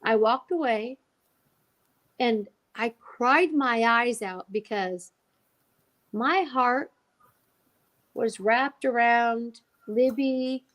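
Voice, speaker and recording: A woman's voice: on the high side, extremely slow, long pauses. A woman telling an emotional personal story as a guest, acting out the voices of the people she quotes. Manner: animated, acts out quoted dialogue.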